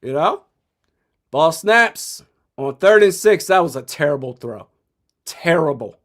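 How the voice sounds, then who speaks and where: Blunt, high-voiced man streaming game reactions. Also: animated, takes it slowly, long pauses, a bit bright. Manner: blunt, opinionated, chuckles often. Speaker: sports streamer. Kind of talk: live game commentary and reaction.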